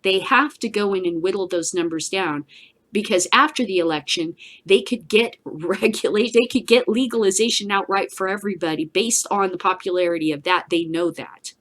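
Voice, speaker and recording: A woman's voice: mid-range voice, normal speed, a bit bright. Casting: woman host, opinionated and blunt, emphatic rising delivery, mid-range voice. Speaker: cannabis news show host. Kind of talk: opinionated solo commentary.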